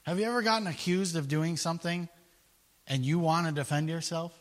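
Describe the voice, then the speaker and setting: A man preaching a sermon, retelling scripture in an animated storytelling way and laughing often. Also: a little high, fairly quick, in a large hall.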